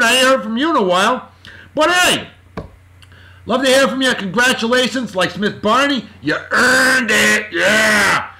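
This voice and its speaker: A boisterous man hosting a casual vlog, giving shout-outs in rowdy slang and swinging between yelling and muttering. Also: sits high.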